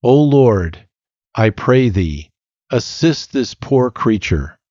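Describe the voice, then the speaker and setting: A man's voice: medium pitch, animated, takes it slowly, darkish tone, no echo. A man doing a solemn, stern preacher. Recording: slightly muffled dry recording.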